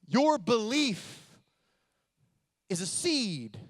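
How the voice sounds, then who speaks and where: Male keynote speaker, high-pitched and excitable, dry close mic, storytelling that ramps up to big energy. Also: drawn-out words, no echo. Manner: builds to loud excited storytelling. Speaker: motivational speaker. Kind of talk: motivational keynote speech. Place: convention stage.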